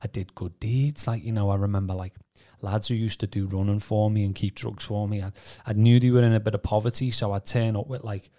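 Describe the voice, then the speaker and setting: Rambling man with low voice. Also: steady tone, a little fast, few pauses, mellow. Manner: rambling, many restarts and "you know" fillers. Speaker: podcast co-host. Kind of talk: casual personal testimony.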